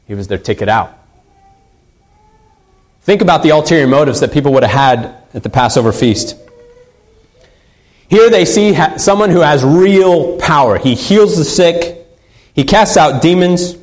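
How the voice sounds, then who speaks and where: A man delivers a sermon with earnest conviction. His voice sits a little higher than most men's. He drives his points home by repeating key phrases. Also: expressive, a little slow, long pauses, low-quality recording. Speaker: pastor.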